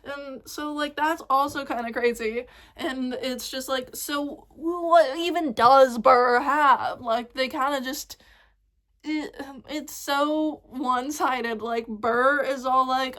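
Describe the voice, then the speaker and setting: A young woman ranting excitedly in a casual fan vlog, rambling with lots of fillers and swearing. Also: high-pitched, takes it slowly. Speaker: vlogger.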